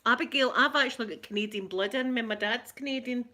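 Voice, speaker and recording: A woman's voice: a little high, fast, sharp tone. A middle-aged woman with a Glaswegian accent, chatting casually with viewers during a livestream, repeating her phrases and laughing often. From Scotland. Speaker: ASMR livestream host.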